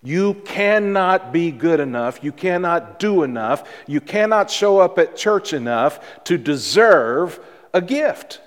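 A man delivers a sermon at an unhurried pace, his voice sitting slightly high. He pauses between phrases and repeats key words for weight. The sound rings with the long reverb of a church hall. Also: lively intonation. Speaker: pastor. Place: church sanctuary.

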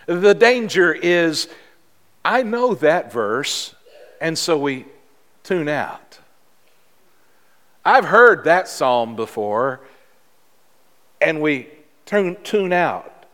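Slow-paced preaching man, echoing hall. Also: a little high, very animated, a bit bright. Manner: measured, earnest preaching with emphatic pauses. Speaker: pastor. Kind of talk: sermon. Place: church sanctuary. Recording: long reverb of a large hall.

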